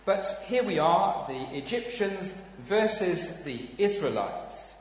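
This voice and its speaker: A man preaches in a slow, deliberate sermon, his fairly high voice ringing through a large reverberant church. He drops to near whispers, then bursts into loud exclamations, heard from some distance. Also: expressive, slight background noise. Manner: dramatic, swings from hushed to loud exclamations. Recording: echoey hall, heard from a distance.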